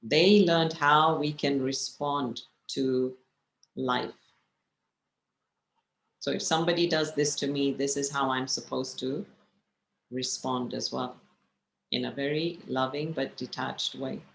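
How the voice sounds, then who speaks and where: A woman's voice: extremely low pitch, fairly even intonation, takes it slowly, gravelly, long pauses, echoey room, low-quality recording. A woman meditation teacher giving a spiritual class, telling stories and asking her listeners rhetorical questions.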